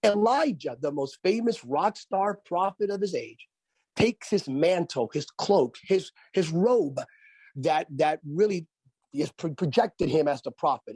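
A man's voice: on the high side, a little mellow, breathy edge, no room sound. A man who is a pastor and author, speaking as a radio interview guest in an emphatic preaching cadence and repeating phrases for effect.

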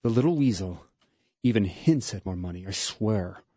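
A hot-tempered, distrustful man, as a man puts him on, husky and clipped. His lines come sharp and cynical. The sound is dry and dull. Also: lowish voice, lively intonation, moderate pace, dry recording. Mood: suspicious. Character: suspicious, hot-tempered man, cheated merchant. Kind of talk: dramatic reading of a story.

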